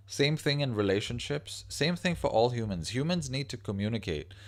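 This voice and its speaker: A man's voice: medium pitch, lively intonation, moderate pace. A man hosting a livestream, talking casually and rambling, reading viewer comments aloud as he goes. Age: adult parent of a young child. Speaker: livestream host.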